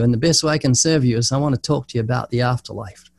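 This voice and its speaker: A man's voice: medium pitch, fast, vocal fry, no echo, studio quality. An older man, a guest evangelist, answering interview questions and telling stories in which he acts out the dialogue. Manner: animated storyteller acting out dialogue.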